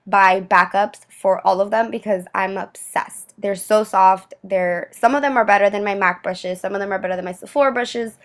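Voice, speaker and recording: A young beauty vlogger talks her viewers through a makeup look. Her pitch sits in the middle of the range. She sounds chatty and enthusiastic, as if chatting with friends. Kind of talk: makeup tutorial voice-over.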